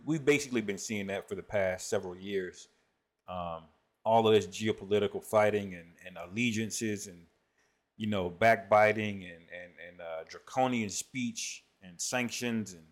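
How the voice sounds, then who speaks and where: A man giving casual spoken commentary on scripture and prophecy, often tagging his sentences with "man" and reading verses aloud slowly. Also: fairly low pitch. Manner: conversational, peppers speech with "man".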